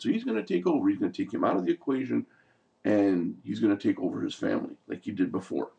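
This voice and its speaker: A man's voice: on the low side, animated, fast, vocal fry, mellow, distant mic. A man giving a heated, profane, exasperated recap of a TV episode in a casual rant. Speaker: TV show commentator.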